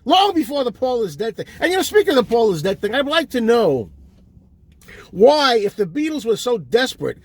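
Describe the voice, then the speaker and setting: A man's voice: very high voice, big pitch swings, moderate pace, slightly rough. A man ranting in an exasperated comedic tirade and insulting his listeners. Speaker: comic ranting host. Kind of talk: comedic rant.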